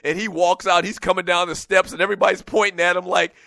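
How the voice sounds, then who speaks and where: A man hosting a sports radio talk show, telling a loose, animated story with frequent plugs for the show. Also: high-pitched, quick pace, vocal fry, dry recording, clean studio sound.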